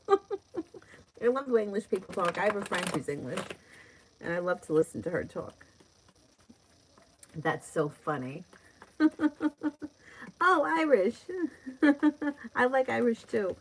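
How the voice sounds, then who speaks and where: A woman's voice: on the low side, big pitch swings, unhurried, pauses often, slightly rough, rough recording. A middle-aged woman with a New York accent, chatting through a live-stream tarot reading and laughing often as she reads out viewers' questions. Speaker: tarot reader.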